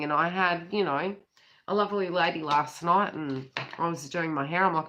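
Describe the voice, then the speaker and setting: Here a psychic tarot reader, a middle-aged Australian woman, keeps things casual, laughing, chatting, and swearing as birds sing behind her. Her lowish voice comes at a moderate pace and sounds pushed and bright.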